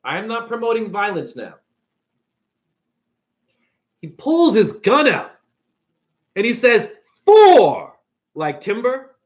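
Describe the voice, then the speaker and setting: A man ranting casually on camera, retelling a movie with profanity and acting out its characters in quick bursts. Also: high voice. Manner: profane, animated, acts out characters. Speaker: spiritual video creator.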